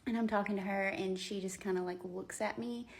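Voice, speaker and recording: A woman's voice: mid-range voice, fairly even intonation, a little fast. Woman, thirties, rambling casual storytelling, phone mic, at home. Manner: rambling, full of "like" fillers. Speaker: vlogger.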